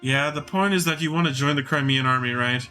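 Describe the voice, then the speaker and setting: A man's voice: medium pitch, brisk, pushed and bright, faint music behind, close to an everyday voice. A man voicing a blunt young mercenary leader from a fantasy game, dry and wary.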